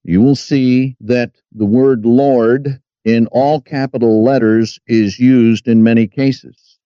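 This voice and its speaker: Slow steady guy teaching bible study, dry close sound, spells stuff out letter by letter. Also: mid-range voice, dry recording, dull audio.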